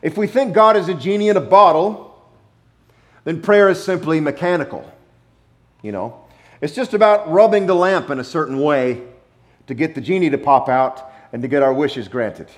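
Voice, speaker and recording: A man preaching a sermon, emphatic, with dramatic pauses and repetition, sometimes playful. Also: a little high. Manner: playful, acts out wrong versions for effect. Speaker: pastor.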